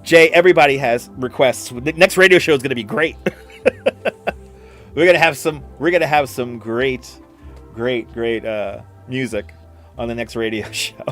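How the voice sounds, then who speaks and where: A middle-aged New York man talks loosely to his live-stream viewers, circling back over the same phrases and laughing as he goes. His voice sits a little high for a man. Faint music plays under him. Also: very animated, normal speed, pauses often. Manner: rambling, repeats phrases, laughs often. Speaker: livestream host. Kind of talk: casual live-stream chat reading viewer comments. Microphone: computer streaming setup.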